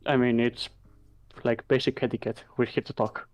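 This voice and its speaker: A man playing a tabletop game who describes his moves in a dry, measured way. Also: medium pitch, level tone, darkish tone, faint music behind. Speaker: player. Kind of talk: casual tabletop play.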